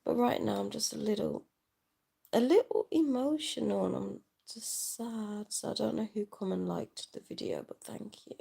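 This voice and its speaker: A young woman rambling softly in an unplanned livestream chat, sad and tearful, talking into a handheld phone. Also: mid-range voice, moderate pace, gravelly, slightly rough. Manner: rambling, soft-spoken, trailing off. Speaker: vlogger.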